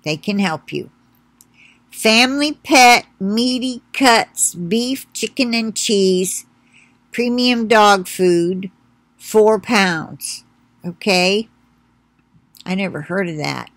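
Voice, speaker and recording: A woman's voice: mid-range voice, fairly bright tone, no echo. A woman in a casual home vlog, chatting and then reading a long recall list aloud. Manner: chatty, talks to her dog, reads slowly.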